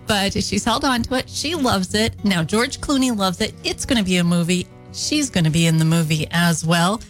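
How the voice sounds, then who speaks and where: A woman's voice: medium pitch, normal speed, soft background music, low-quality recording. A woman co-hosting a morning radio show, telling a local feature story in an easygoing way. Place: radio studio. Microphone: studio microphone.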